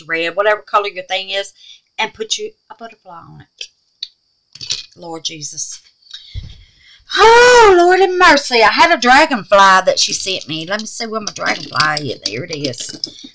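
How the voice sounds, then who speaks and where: A woman's voice: medium pitch, a little hiss or hum, rough recording. A woman hosting a chatty craft tutorial at home, exclamatory and affectionate with viewers. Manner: animated and exclamatory, calls viewers babies.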